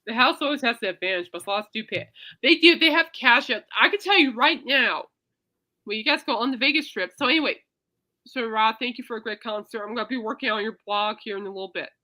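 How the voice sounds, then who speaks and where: A woman's voice: fairly high pitch, fast. A woman hosting her own podcast, telling rambling stories in a casual chat and calling her listeners "people". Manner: animated storyteller, swings loud and soft, addresses listeners as "people". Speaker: podcast host.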